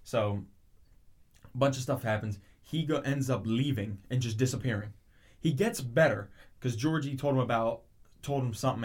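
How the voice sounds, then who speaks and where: A man in casual chat, animatedly retelling a show's plot with lots of restarts and tangents. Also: mid-range voice. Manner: rambling, animated storytelling with frequent restarts.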